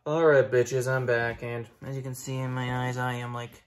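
A man's voice: medium pitch, monotone, moderate pace, over loud music. A tired young man from Ontario with a Canadian accent, rambling profanely in a casual vlog. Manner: profane, rambling, swings between outbursts and mumbling. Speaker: vlogger. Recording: echoey room.

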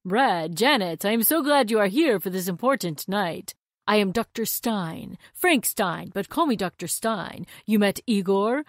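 A woman voicing a frantic, excitable male mad scientist in a children's storybook reading, exclaiming loudly. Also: measured pace, no room sound, clean studio sound. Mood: excited, manic. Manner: loud, exclaiming, with big leaps in pitch.

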